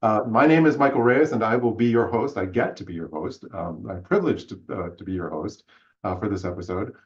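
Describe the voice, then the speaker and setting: A man hosting a live-streamed theater talk show, speaking in a friendly, halting way with many fillers. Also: fairly low pitch, lo-fi sound. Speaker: host.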